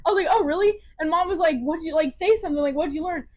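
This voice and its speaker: A young woman co-hosting a podcast, chatting casually and telling animated stories with lots of laughter. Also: extremely high pitch, quick pace. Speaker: podcast co-host. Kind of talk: casual chat.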